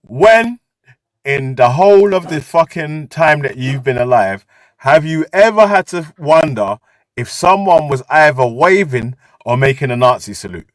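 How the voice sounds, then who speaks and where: A man's voice: on the high side, sing-song, measured pace, no room sound. A man, talking in a heated, mocking group chat on a livestream, full of slang.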